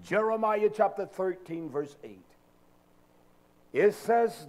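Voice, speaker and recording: A man's voice: fairly high pitch, animated, unhurried, a little mellow. A male preacher giving an impassioned Sabbath sermon, emphatic and full of filler sounds as he drives his points home.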